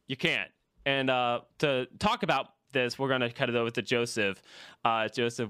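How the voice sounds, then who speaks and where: A male podcast host chatting casually, animated and swearing freely, with some consonants blurred and P and B sounds mixed. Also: mid-range voice, moderate pace, no room sound, clean studio sound.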